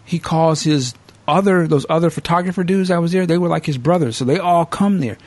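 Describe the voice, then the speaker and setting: A male podcast host casually recapping a movie as an animated storyteller who acts out the characters. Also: fairly high pitch, brisk, dry recording.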